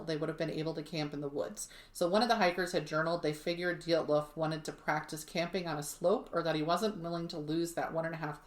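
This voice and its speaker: A woman with a slightly low voice tells a true mystery on her podcast. She keeps it chatty and throws in wry asides. The room around her sounds roomy and echoey. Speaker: podcast co-host. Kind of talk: casual storytelling podcast.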